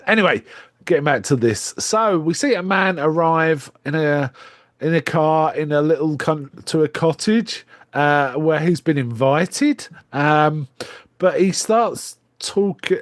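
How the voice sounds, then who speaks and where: A man's voice: a little high, no room sound, studio quality. A man co-hosting a podcast, casually retelling a film's plot and acting out its lines with little laughs. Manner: retells plots at length, acting out quoted lines and chuckling. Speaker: podcast co-host. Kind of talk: casual film discussion.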